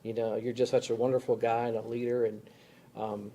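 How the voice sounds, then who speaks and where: A man's voice: medium pitch, little pitch movement, brisk, dark tone, rough recording. A man on a city council giving earnest, rambling praise at a public meeting, growing emotional. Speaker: council member. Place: council chamber. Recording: faint room noise, council meeting.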